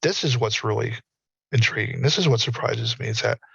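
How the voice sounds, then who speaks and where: Middle aged guy on a video call panel, gravelly voice, tells stories and does the quotes, kinda muffled dry audio. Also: mid-range voice, a little fast, a bit bright, no room sound. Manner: candid storyteller, acts out quotes. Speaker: panelist, virtual worlds researcher. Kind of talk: online panel discussion.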